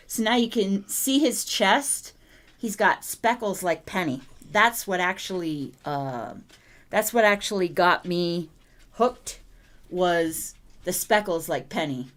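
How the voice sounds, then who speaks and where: A woman's voice: medium pitch, a bit bright. A woman hosting a casual livestream, cooing and baby-talking to her puppy and laughing often. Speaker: livestream host.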